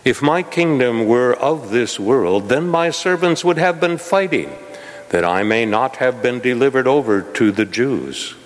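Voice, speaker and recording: A man reading the words of a calm, dignified teacher on trial in a scripture reading, grave and steady. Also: mid-range voice, a little slow, close to an everyday voice. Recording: long hall reverb.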